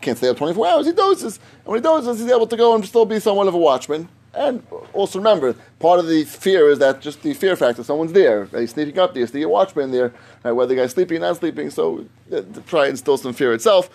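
Man giving a lively, emphatic Talmud lesson. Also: fairly high pitch, fast talker. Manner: emphatic, repeats phrases while reasoning aloud. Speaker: Talmud teacher. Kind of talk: Talmud study lecture.

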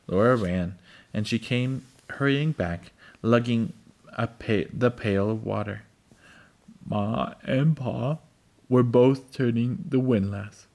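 A man reads a children's storybook aloud, pausing and stumbling over words as he goes. His pace is very slow and his pitch sits in the ordinary middle range. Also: vocal fry, darkish tone. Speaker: reader.

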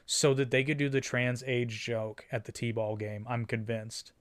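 A man's voice: medium pitch, fairly even intonation, a little slow, smooth. Rambling man in casual movie chat. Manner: rambling, quotes movie lines in silly voices. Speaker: podcast co-host.

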